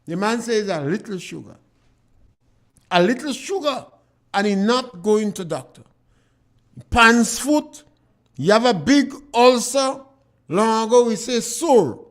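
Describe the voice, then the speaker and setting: High-voiced Grenadian radio host. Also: male voice, animated, takes it slowly. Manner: emphatic, preachy, dialect-heavy storytelling. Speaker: radio talk show host. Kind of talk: call-in radio talk. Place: radio studio.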